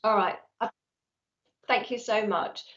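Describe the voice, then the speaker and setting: A woman's voice: medium pitch, measured pace. A woman psychic medium giving a live reading to a viewer, chatty and affectionate, often restarting her sentences. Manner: chatty, warm, frequent restarts. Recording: dull lo-fi stream audio.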